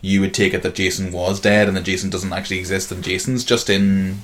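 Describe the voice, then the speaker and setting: A man's voice: low-pitched, level tone, fairly quick, a bit bright. A man on a podcast, chatting casually and retelling a story with loose, hesitant phrasing. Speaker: podcast co-host. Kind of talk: casual chat.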